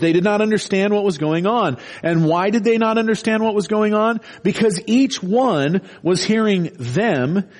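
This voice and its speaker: A man from the United States preaches an expository sermon, his voice sitting a little higher than most men's. He explains patiently, circles back with restarts, and leans into his points with rising emphasis. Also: darkish tone.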